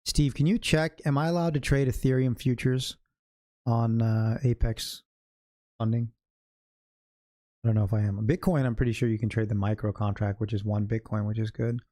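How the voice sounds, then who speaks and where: A man's voice: mid-range voice, fairly even intonation, moderate pace, mellow. Chatty, jokey middle-aged Californian man. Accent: Californian American. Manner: chatty, jokey storyteller, laughs at own stories. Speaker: day-trading livestream host. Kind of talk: casual livestream chat.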